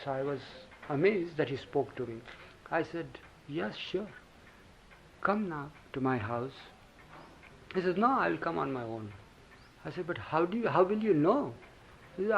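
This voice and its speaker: An older man with an Indian English accent, reminiscing in casual talk and chuckling through his stories. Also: fairly high pitch. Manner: chuckling, animated storytelling with acted quotes. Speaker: storyteller recounting memories. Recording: dull lo-fi 1980 tape with hiss.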